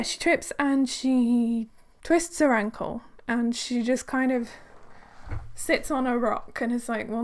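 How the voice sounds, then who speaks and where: A young woman reviewing a book in a chatty, sarcastic way, with lots of fillers. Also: a little high. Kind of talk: casual book review vlog.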